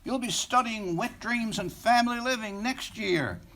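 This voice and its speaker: A man's voice: high-pitched, a little slow, a bit bright, slight background noise, voice pushed up. A man doing a mocking gum-chewing schoolgirl. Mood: teasing. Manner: mocking, chortling.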